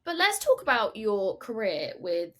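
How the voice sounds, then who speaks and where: A woman hosting a podcast, chatting in an animated way with quick asides and dry sarcasm. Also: medium pitch. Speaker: podcast host. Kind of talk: casual interview talk.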